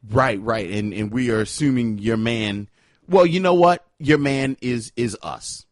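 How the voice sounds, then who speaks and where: Man, podcast co-host, playful teasing banter, mid-pitched voice, dry mic. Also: no room sound. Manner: playful, quick to banter and tease. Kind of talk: casual chat.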